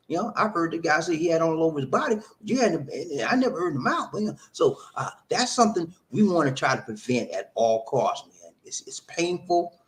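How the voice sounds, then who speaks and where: A man with chats casually on a livestream. His voice swings widely in pitch as he jokes, laughs and reacts to comments. His everyday pitch sits in the middle. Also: fairly quick. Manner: animated, laughs often, reads comments aloud and replies. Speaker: livestream host reading viewer comments.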